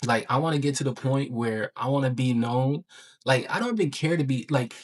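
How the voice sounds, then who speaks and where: A man talking in a casual daily vlog about his coaching work, excited and rambling, full of slang and filler words. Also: mid-range voice, fairly quick. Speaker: online business coach.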